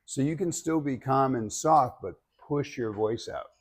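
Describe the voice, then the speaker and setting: A man leading a public speaking workshop, giving feedback and demonstrating techniques in an animated way. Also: mid-range voice, unhurried.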